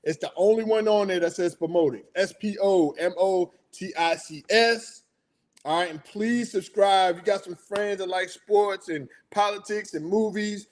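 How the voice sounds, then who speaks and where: A man's voice: high-pitched, normal speed. A middle-aged man hosting his own show, signing off in a loose, rambling way, chuckling often, his throat going out. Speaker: podcast host. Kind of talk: casual show sign-off.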